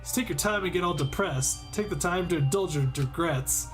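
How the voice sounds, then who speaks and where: A man voicing a brash male biker gang leader with a gruff, swaggering delivery over game music. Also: high voice, lively intonation, brisk. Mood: taunting.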